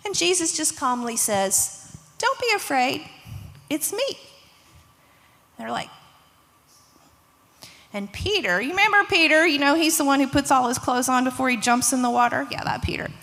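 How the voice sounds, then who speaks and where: A woman teaching a children's church lesson, telling a Bible story with lively voices and hushed moments. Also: high voice, moderate pace. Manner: animated storytelling, acting out voices, hushed emphasis. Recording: long hall reverb.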